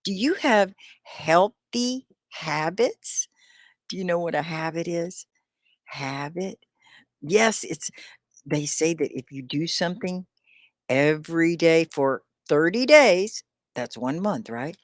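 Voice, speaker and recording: A woman teaching English on a live stream, speaking slowly and clearly with encouragement, often laughing as she talks to viewers. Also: low-pitched, lively intonation, no room sound, clean studio sound. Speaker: ESL teacher.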